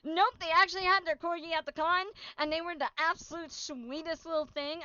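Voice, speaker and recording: A woman's voice: very high-pitched, fairly even intonation, fairly quick, hardly any pauses, bright, forceful tone, no room sound. A young woman streamer giving a casual, bubbly recap, giggling and acting out what people said to her. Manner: bubbly, giggly, acts out quoted exchanges. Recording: dull, lo-fi dry stream audio.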